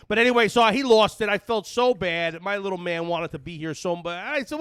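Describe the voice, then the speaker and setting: A man's voice: sits high, moderate pace, hardly any pauses, smooth, no room sound, studio quality. A middle-aged man with a New Jersey accent, hosting a podcast and telling long rambling stories full of fillers. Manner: loud, rambling, storytelling with frequent fillers. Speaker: podcast host. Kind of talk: casual podcast banter. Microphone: headphones and studio mic.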